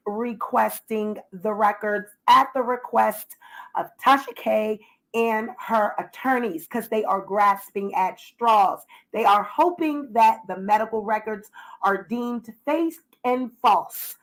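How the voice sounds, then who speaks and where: A woman's voice: medium pitch, unhurried, poor audio. A woman vlogger ranting indignantly through a profane commentary full of rhetorical questions.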